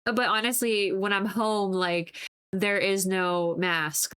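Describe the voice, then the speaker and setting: A woman's voice: medium pitch, steady tone, slow, a bit bright, smooth. Giggly rambling woman streamer. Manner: rambling and giggly, with many "like" fillers. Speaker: livestreamer painting on stream. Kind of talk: casual chat with viewers.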